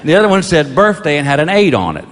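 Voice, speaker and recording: A man doing stand-up, delivering jokes and one-liners deadpan. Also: a little high, quick pace, long reverb tail. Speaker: stand-up comedian. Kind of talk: stand-up routine.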